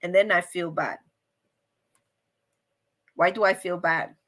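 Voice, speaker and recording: A woman hosting a casual livestream, chatty and animated, often asking "right?" and acting out quoted voices. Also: fairly low pitch, takes it slowly. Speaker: livestream host.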